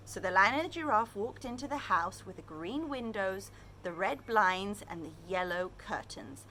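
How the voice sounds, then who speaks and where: A woman's voice: mid-range voice, moderate pace, slight background noise. A woman reading a picture book aloud to children, then teaching them new words with lots of questions. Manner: animated, asks children questions. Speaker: children's storyteller and Hebrew teacher.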